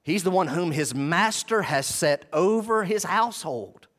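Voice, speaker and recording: A man's voice: high voice, expressive, a little slow, fairly bright tone. A man preaching a sermon, teaching through a Bible passage verse by verse and repeating key phrases for emphasis. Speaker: pastor.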